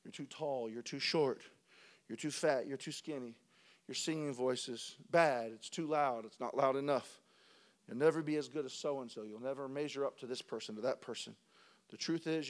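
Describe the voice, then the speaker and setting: A male pastor preaching a sermon, moving from quiet, rapid lists of short phrases to loud, sing-song preaching. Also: mid-range voice.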